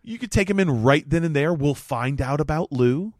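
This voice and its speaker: A man co-hosting a comedy podcast in casual, jokey chat, laughing often and tossing in quick mock lines. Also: a little high, lively intonation, no echo, studio quality. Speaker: podcast co-host.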